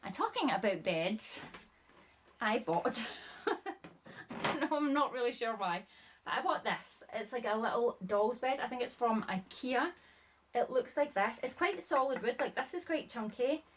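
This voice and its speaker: A woman's voice: on the high side, expressive, a little slow, a little hiss or hum. A chatty woman talks through her thrifted finds in a loose, rambling way. She sounds a bit out of breath and keeps apologizing as she goes, peppering every sentence with "like". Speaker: haul vlogger. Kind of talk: casual chat showing items.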